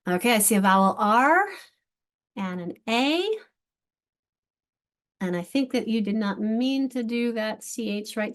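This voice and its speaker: A woman literacy instructor leading an online workshop for teachers, encouraging and sounding out syllables slowly. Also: mid-range voice.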